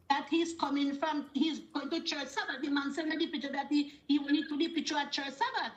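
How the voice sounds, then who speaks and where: A woman with a very high voice calls in to a talk show. She tells a long story and acts out every back-and-forth herself. Her voice comes through with a roomy echo. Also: brisk, hardly any pauses, highs cut off. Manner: animated storytelling with quoted dialogue. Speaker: caller. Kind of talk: call-in story.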